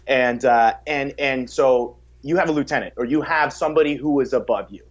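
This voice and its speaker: Energetic man talking about coaching. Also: medium pitch, normal speed. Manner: energetic, repeats words when starting sentences; acts out quotes in a raised voice. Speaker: fitness coach, podcast guest. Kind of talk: casual podcast conversation. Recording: slightly dull podcast audio.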